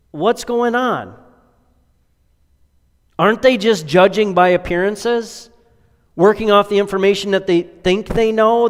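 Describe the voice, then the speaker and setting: A male pastor preaching with a fairly high voice and a long reverb trailing each phrase. He leans on rhetorical questions, swelling to emphatic peaks and then sinking to near-whispers. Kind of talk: sermon.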